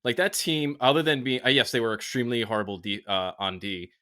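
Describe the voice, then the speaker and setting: A man chatting casually on a podcast, speaking haltingly with many restarts. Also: medium pitch, sharp tone. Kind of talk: casual chat.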